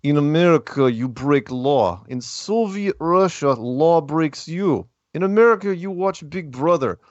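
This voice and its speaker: A man putting on a joking Russian accent for a comedy one-liner, drawn out slowly. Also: on the high side, animated, no echo, muffled recording, voice pushed up.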